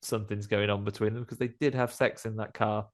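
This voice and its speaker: A man, a podcast host, casually recapping a horror film with jokes and quick voices for the characters. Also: on the low side, flat delivery. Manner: jokey recapping, acts out characters in quick asides.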